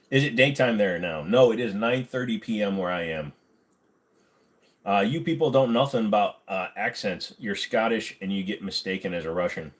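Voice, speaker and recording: Laid-back and crude, this male livestream host jokes his way through viewer comments from his bed at home, where he's on bed rest. His voice is on the low side, at a moderate pace.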